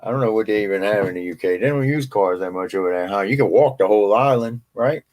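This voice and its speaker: A man's voice: lowish voice, quick pace, a little mellow. A man, hosting a loose, joking chat full of swearing and half-finished thoughts. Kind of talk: casual chat.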